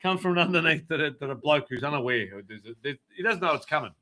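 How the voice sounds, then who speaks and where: Bright-voiced sweary man. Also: a little high, lively intonation, fast, low-quality recording. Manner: sweary, joking, mock-tough. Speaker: podcast host. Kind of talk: casual banter, reading chat messages.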